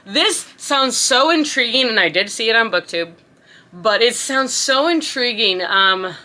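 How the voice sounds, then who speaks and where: A woman with a bright, ringing voice runs through her favorite book series in a casual review. She sounds chatty and eager, dropping in the occasional um as she goes. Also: on the high side, expressive, measured pace. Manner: chatty and enthusiastic, with frequent ums.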